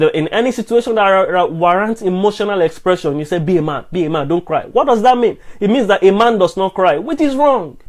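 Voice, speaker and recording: Male preacher, earnest and repetitive, slightly raised pitch, streamed sermon. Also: a little mellow. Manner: earnest, repetitive, stammering restarts.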